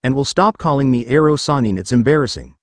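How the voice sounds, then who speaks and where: A man's voice: mid-range voice, animated, fast, dry recording, clean studio sound, close to an everyday voice. A man voicing an older male ninja sage mentor, stern and teasing in a read-aloud fan story. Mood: lecturing.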